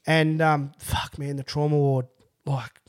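A man's voice: fairly high pitch, level tone, measured pace, clean tone. A young Australian man in a podcast interview, telling a long story in casual chat, rambling with restarts and swearing freely. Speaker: podcast guest.

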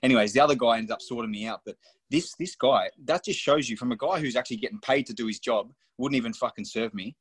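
A young Australian man who plays professional football appears as a podcast guest, telling stories in loose, blunt chat full of swearing. He talks fast in a mid-range, slightly rough voice, recorded with no echo.

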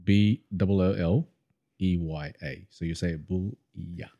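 A man's voice: low-pitched, fairly even intonation, measured pace, vocal fry, dark tone, lo-fi sound. A man co-hosting a podcast, running a word game in easygoing casual chat. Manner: easygoing, spells words out, laughs along. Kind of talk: casual chat among friends.

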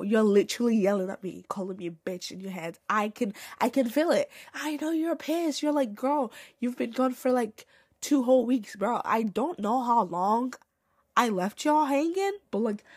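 Husky young woman chatting on her podcast. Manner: chatty, slangy, animated, swings in pitch. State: recovering from a cold. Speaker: podcast host. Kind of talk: casual podcast chat.

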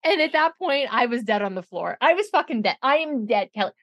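A woman talking casually on a podcast, recapping a reality show in a profane, animated way and slipping into impressions of people. Her voice sits fairly high and jumps all over in pitch. It sounds dry and close, with no room around it. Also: a little fast, no echo. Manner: animated, profane, mimics others with laughter. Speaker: podcast co-host.

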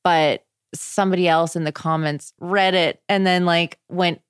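A young woman with a low, smooth voice chats easily as a podcast guest. She tells stories in a loose, animated way, full of filler words. The sound is close and dry. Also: measured pace, no echo. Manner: chatty, frequent "like" fillers, animated storytelling. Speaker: podcast guest, wellness practitioner. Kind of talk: casual conversational interview.

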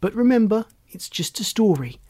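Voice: mid-range voice, expressive, normal speed, warm tone, voice pushed up, natural voice. A reader doing a sensible, skeptical boy. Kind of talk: storybook read-aloud.

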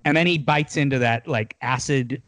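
A man's voice: mid-range voice, moderate pace, fairly bright tone, no echo. Chatty man recapping a show, dry sound. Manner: rambling, retells scenes with lots of "like". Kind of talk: casual recap of a TV episode.

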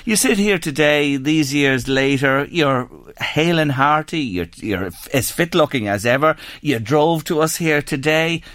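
A man's voice: on the high side, expressive, a little slow, few pauses, fairly bright tone, no echo, studio quality. A man hosting a radio show, effusively praising his guest and asking questions. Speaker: radio host. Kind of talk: radio interview.

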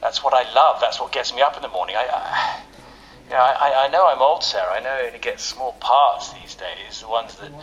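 A man's voice: medium pitch, a little fast, fairly bright tone, lo-fi sound, close to an everyday voice. An actor playing an older male actor from London, earnest and hesitant, stammering through a radio comedy. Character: aging male actor, shy, old-fashioned, lonely. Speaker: aging actor at an audition.

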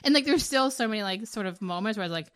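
A woman's voice: medium pitch, expressive, rapid-fire, fairly bright tone, dry recording. A woman in her thirties telling stories in casual chat as a podcast co-host, laughing often and acting out quotes. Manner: chatty storyteller, laughs often, acts out quotes.

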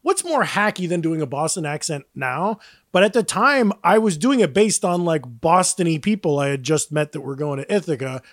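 A man's voice: a little high, animated, normal speed, dry recording, studio quality. A man in his thirties co-hosting a podcast, telling stories and acting out quotes in casual chat. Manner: storytelling with acted-out quotes. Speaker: podcast co-host.

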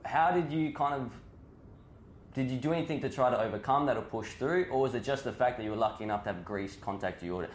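Australian host in an echoey room. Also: male voice, quick pace. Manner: long, searching questions. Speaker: podcast host. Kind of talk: interview questions. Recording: echoey room, faint rumble.

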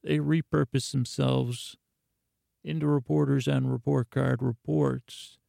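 Gravelly, droning man telling a bedtime ramble. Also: mid-range voice, flat delivery, slow pace, warm tone, dry recording, clean studio sound. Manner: meandering and stammering. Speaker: podcast host.

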